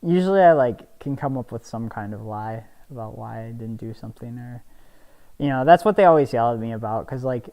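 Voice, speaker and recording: A young man co-hosting a casual gaming podcast, talking at an everyday pitch. He rambles in halting bursts, circling back and restarting his sentences, and sounds a little spaced out. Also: expressive, dark tone. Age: young adult. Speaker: podcast co-host. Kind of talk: casual chat while gaming.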